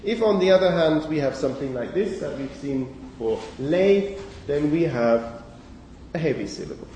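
A man giving a university lecture on phonology in a lecture hall, speaking haltingly with many fillers and self-corrections. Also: on the high side, animated, mellow, slight background noise. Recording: echoey lecture hall from far off.

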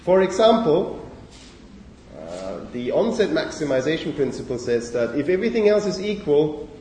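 Guy lecturing on phonology, mellow voice, lots of uhs and restarts, far off in a big echoey hall. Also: on the high side, big pitch swings, a little hiss or hum. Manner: halting, with frequent fillers and self-corrections.

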